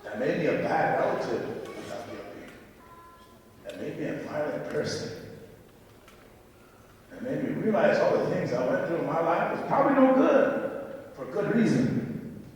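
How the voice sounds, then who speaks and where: A man's voice: on the high side, darkish tone, slight background noise. A man from the Dakota region giving a reflective, emotional personal talk about horse therapy at a university event. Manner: earnest, reflective, emotional storytelling. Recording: echoey hall, voice far from mic.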